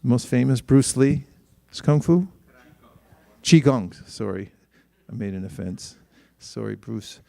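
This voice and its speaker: A man's voice: mid-range voice, slow, creaky, long pauses, warm tone, dry recording. A man giving a spiritual talk in a conversational way, often restarting his sentences and livening up for quoted asides.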